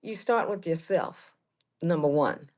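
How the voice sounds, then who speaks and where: A woman guest and author telling stories casually, animated, acting out quoted voices and repeating words as she goes. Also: deep voice, unhurried. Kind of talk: casual storytelling.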